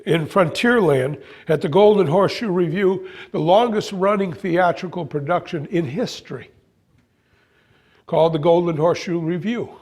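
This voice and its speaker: Brief: high-pitched man, playful spiritual speaker, anecdotal with halting restarts. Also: darkish tone, breathy edge. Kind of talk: motivational spiritual talk.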